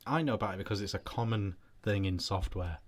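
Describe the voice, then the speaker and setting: A man hosting a casual podcast, relaxed and dry-witted, often restarting his sentences. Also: on the low side, fast. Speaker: host.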